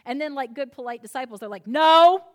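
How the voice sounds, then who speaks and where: A high-pitched woman preaches a sermon as the pastor. She tells the story playfully and acts out the voices with humor. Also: fast talker, darkish tone.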